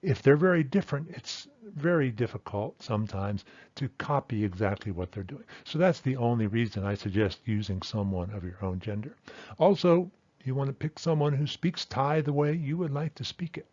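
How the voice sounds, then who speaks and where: Male teacher, mid-pitched, explanatory and thoughtful, dry close recording. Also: moderate pace, darkish tone, no room sound, lo-fi sound. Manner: thoughtful, with fillers and self-corrections. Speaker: language teacher. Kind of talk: explanatory lesson talk.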